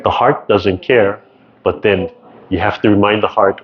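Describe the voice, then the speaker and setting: A man's voice: low voice, steady tone, normal speed. A man teaching a tai chi class over a video call in a casual way, ending nearly every phrase with "right?". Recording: dull lo-fi video call audio.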